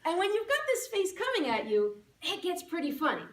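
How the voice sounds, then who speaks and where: Bright, animated woman in an echoey room. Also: extremely high pitch, fairly quick, distant mic. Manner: playful, animated teaching. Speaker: laughter yoga presenter. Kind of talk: live demonstration speech to an audience. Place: room with a live audience.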